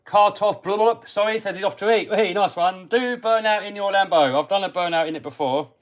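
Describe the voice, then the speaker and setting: Chatting fairly quickly in a voice a bit high for a man, an English host of a relaxed RC car stream reads viewer comments aloud and answers them warmly. Every so often he slips into a quiet mutter as he works on a part of the model car.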